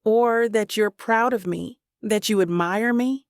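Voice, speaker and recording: Woman playing a young southern romance writer, sarcastic, clipped comebacks, gravelly edge, dry close sound. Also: a little high, measured pace, dry recording. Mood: angry. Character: sharp-tongued young woman romance author.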